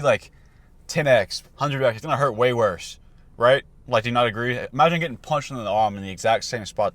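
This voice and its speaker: Young male coach, off-the-cuff motivational talk, mid-pitched, dry close sound. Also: a bit bright, no room sound. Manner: loose and conversational, many fillers and restarts. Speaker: self-improvement coach. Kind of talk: casual motivational talk to camera.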